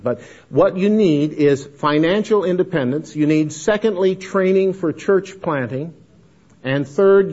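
Husky man giving a folksy mission talk. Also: mid-range voice, a little mellow. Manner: emphatic, addresses listeners as folks. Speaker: missions speaker. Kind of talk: folksy lecture to an audience. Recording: dull lo-fi lecture recording.

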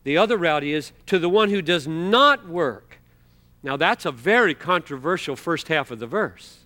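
Emphatic preacher, high bright voice. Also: male voice, animated. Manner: emphatic, swings from loud exclamations to quiet asides; slows to stress key words. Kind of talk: expository sermon.

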